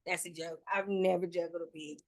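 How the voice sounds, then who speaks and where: A woman from North Carolina with a thick country Southern accent, pitching new homes to a team meeting in a chatty, joking way. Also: steady tone, darkish tone. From North Carolina, USA. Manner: chatty, joking, spells things out slowly. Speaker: new-home sales agent.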